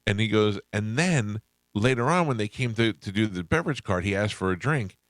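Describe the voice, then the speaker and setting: A radio host telling a story in casual chat, acting out the people in it. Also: male voice, fairly low pitch, brisk, no echo, studio quality. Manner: animated, acts out quoted voices.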